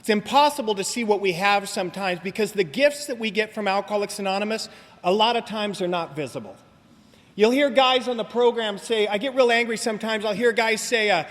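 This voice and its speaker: Man, 40s, from southern california, high voice, joking storyteller, long hall reverb. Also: a little fast, fairly bright tone. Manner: joking, rambling storyteller, fond of asking "you know what I mean?". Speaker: speaker at a recovery meeting. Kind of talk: humorous recovery talk to an audience.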